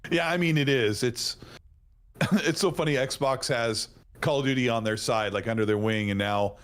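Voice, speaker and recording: A man's voice: medium pitch, unhurried, long pauses, a bit bright. A man co-hosting a gaming podcast, amused and exasperated, often stammering on restarts. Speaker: podcast co-host. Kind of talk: casual gaming podcast chat.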